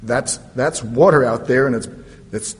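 A man's voice: medium pitch, measured pace, pitched below the performer's own voice, natural voice. A man preaching a sermon, voicing a timid male sailor who stammers about leaving the boat. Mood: nervous. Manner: nervous, stammering. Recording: long reverb of a large hall.

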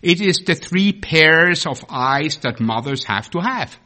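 A man's voice: on the high side, animated, measured pace, bright, forceful tone, pitched above the performer's own voice. A man voicing God, a patient, proud creator, in a read-aloud story during a sermon. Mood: earnest.

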